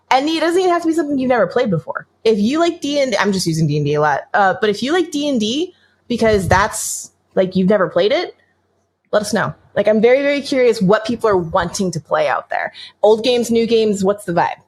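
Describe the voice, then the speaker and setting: A woman's voice: mid-range voice, lively intonation, a little fast. An American woman co-hosting a podcast, chatting casually in a bubbly, rambling way and laughing often. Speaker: podcast co-host. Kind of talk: casual chat on a livestreamed podcast.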